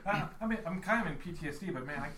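A man's voice: a little high, animated, very fast, reverberant, background noise. A man playing a jittery, folksy superhero with laser powers who rambles and stammers in live improv comedy. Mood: nervous.

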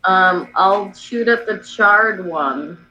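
A woman's voice: medium pitch, extremely slow, sharp tone. A woman playing a tabletop game, talking casually and matter-of-factly. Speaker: player. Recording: dull lo-fi, faint noise.

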